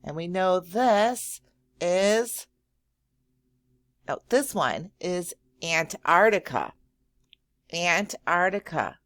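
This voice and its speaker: Woman teacher, very slow pace, lively sing-song pitch, lowish voice, dry close sound, gentle praise. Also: no echo. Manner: drawn-out words, frequent praise and thinking hums. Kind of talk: slow, encouraging lesson for young children.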